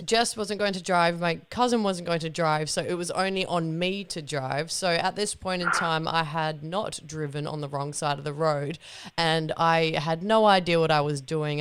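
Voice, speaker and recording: A woman's voice: low-pitched, fairly even intonation, normal speed, slight background noise. A young woman hosting a podcast, telling a story in casual chat with lots of laughs and swearing. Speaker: podcast host.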